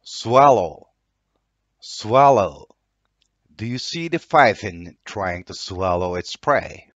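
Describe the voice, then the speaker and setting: A man's voice: fairly low pitch, animated, slow, a bit bright, no room sound, muffled recording. A man with a Turkish accent teaching English vocabulary, saying each word twice and reading an example sentence. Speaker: language teacher.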